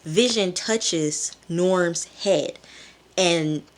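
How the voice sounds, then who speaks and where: A woman's voice: fairly low pitch, drawn-out words. A woman recapping and reviewing a TV episode in a chatty, rambling way, recorded on a hand-held phone. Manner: chatty, rambling, with frequent fillers. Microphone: phone camera held in hand.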